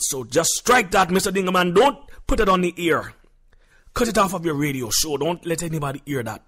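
A man putting on an excitable Jamaican caller phoning a comedy radio show, his husky voice sitting a little high as he stammers and rants. He swings from indignant lectures to loud shouted outbursts. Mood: apologetic. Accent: put-on Jamaican. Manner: ranting, stammering, bursts into shouting.

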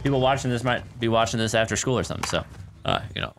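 A man's voice: medium pitch, very fast, a little hiss or hum. A young man casually commentating a live game stream, chatty and laid-back, with a tired early-morning voice. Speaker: gaming streamer.

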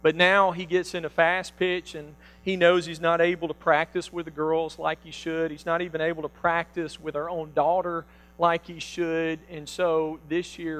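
A man preaching a sermon, telling a personal story with animated swings between loud bursts and hushed quotes. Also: fairly high pitch, moderate pace, rough recording.

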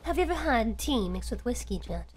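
A woman's voice: on the high side, very animated, brisk. A woman streaming a game, chatting casually with her viewers in a playful, mock-serious, joking way.

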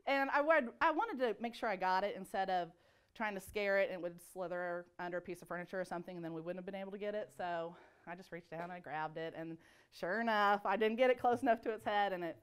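A woman on the school staff calmly recounting an event in an interview. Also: mid-range voice, fast talker, smooth. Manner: calm, matter-of-fact telling. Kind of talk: interview recollection.

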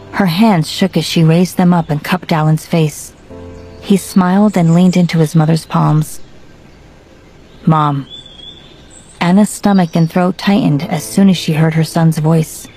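Low, gravelly woman narrating a story. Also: mellow. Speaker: audiobook narrator. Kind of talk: scripted narration.

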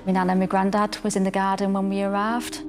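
A young woman tells her story as a bereaved mother, steadily and plainly, quoting what each person said. Her pitch stays narrow and level. Soft music runs underneath. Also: quick pace. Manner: plain, steady storytelling full of quoted speech. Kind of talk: recounting a personal tragedy.

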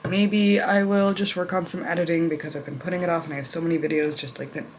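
A woman's voice: fairly even intonation, fast talker, slight background noise. A young woman chatting casually in a vlog at home, gushing over things and using lots of fillers. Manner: gushing, filler-heavy, reads card captions aloud; high baby talk to her pet. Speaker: vlogger.

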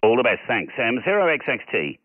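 A man's voice: mid-range voice, sing-song. A man from Scotland running a ham radio session, trading call signs and signal reports with friendly, easy chat. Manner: friendly, quick call handling. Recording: tinny radio audio.

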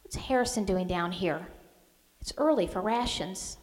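A woman's voice: medium pitch, unhurried, darkish tone, lightly acted. A woman voicing a spirited young colonist woman in a read-aloud story. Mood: puzzled. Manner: indignant. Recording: long hall reverb.

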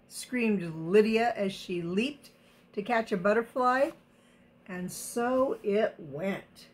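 A woman reading a picture book aloud to children, gently stopping to explain words and ask questions. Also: mid-range voice, takes it slowly. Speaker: storybook reader.

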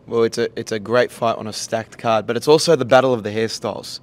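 A man's voice: mid-range voice, fairly even intonation, fast talker. A man interviewing a fighter with upbeat, playful questions. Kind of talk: press interview.

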